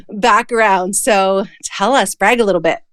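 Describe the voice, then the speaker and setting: A woman's voice: mid-range voice, a little slow, fairly bright tone, no echo, clean studio sound. Gushing woman podcast host. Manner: gushing, enthusiastic fan talk. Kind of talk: casual chat.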